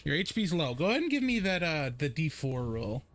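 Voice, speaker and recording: A young man narrating a tabletop game as game master, unhurried and descriptive with frequent ums. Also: a little high, sing-song, fairly bright tone. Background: faint background music.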